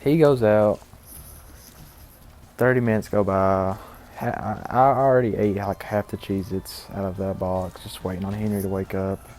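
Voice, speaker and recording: A man's voice: on the low side, fairly even intonation, moderate pace, darkish tone, slight background noise. A man telling a rambling, distracted comic story while commenting on gameplay. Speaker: gaming channel host.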